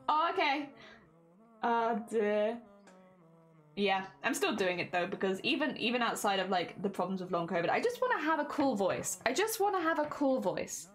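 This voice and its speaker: A British woman streams a craft session, chatting casually with viewers, laughing often and murmuring "oh dear" as she reads the chat. Her medium-pitched voice swings widely in pitch, and she speaks briskly.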